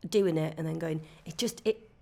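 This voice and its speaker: Gravelly-voiced woman with a Leeds accent. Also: sits low, normal speed, dark tone. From Leeds, England. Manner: chatty, many "like" fillers and restarts. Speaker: actress, podcast guest. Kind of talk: casual conversational interview.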